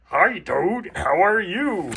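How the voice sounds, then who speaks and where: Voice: mid-range voice, big pitch swings, slow pace, creaky, fairly bright tone, slightly rough, pitched above the performer's own voice, full character voice. Grover, someone doing a cheery furry monster. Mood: cheerful.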